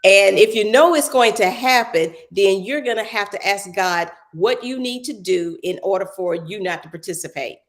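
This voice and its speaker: A woman's voice: mid-range voice, normal speed, hardly any pauses. A woman pastor giving firm, encouraging advice on a live online show.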